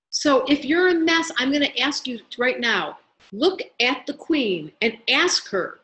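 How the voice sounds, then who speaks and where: A middle-aged woman teaching an astrology class in an online workshop, animated and talking straight to her students by name. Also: fairly high pitch, rough recording. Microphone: webinar computer mic.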